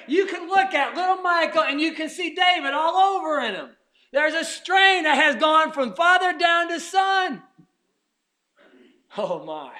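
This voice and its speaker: High, bright-voiced preacher shouting a sermon. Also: male voice. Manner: shouting exclamations, then dropping to a near whisper.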